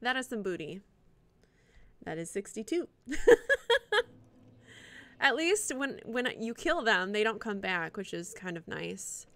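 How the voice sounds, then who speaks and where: Bright-voiced woman cursing through gameplay. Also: medium pitch, lively intonation, moderate pace. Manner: profane, reactive, talks to the game and chat. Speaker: game streamer. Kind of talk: live gameplay commentary.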